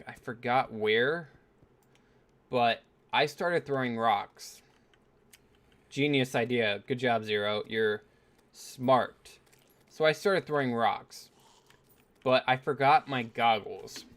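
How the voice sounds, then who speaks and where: Male gaming host, mid-pitched, chatty and rambling, casual storytelling with lots of "uh"s. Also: slow pace, long pauses, fairly bright tone. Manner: rambling, full of fillers and self-mocking asides. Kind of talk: casual storytelling while playing.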